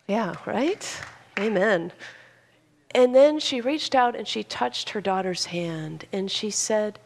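A woman minister preaches an earnest sermon with a storyteller's pacing. She often rises to fervent emphasis. Her voice has a noticeable gravelly fry. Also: mid-range voice, animated, slow, slight background noise.

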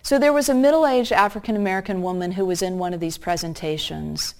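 A woman preaching a sermon, telling a story earnestly and slowing down to stress key points. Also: fairly low pitch. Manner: earnest, slows down for emphasis.

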